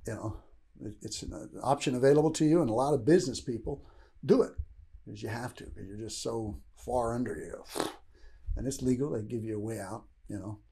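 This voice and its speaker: A man's voice: mid-range voice, brisk, creaky, warm tone. A man in his sixties from Kentucky giving a rambling, casual motivational talk, often asking "right?" and chuckling. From Louisville, Kentucky, USA. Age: 60s. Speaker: motivational speaker.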